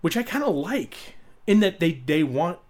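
A man's voice: a little high, very animated, measured pace, darkish tone. A man co-hosting a podcast, chatting casually with a profane, joking, rambling manner. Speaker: podcast co-host.

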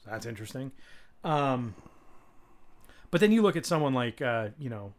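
A man's voice: medium pitch, sing-song, moderate pace, a little hiss or hum. A man co-hosting a podcast in casual chat, rambling with many fillers and restarts and swearing casually. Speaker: podcast co-host.

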